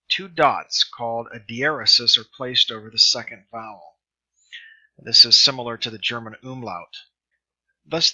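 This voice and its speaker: Bright-voiced male teacher, lo-fi. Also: mid-range voice. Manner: slow, careful pronunciation drills. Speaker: Greek teacher. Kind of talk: recorded lesson voice-over. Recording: dull lo-fi screen recording.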